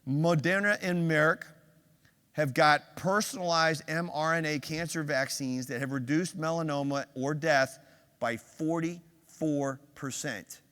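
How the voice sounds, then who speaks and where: Older man giving an energetic conference keynote. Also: a little high, clean tone. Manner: energetic, quizzes the audience with quick questions. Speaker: keynote speaker. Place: large conference hall. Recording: hall reverb on a stage mic.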